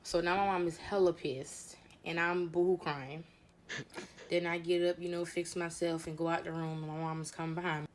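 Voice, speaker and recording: Young woman telling a story, slightly low voice. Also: level tone, normal speed, slight background noise. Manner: conversational retelling with quoted dialogue. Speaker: storyteller in clip. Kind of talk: story time narration.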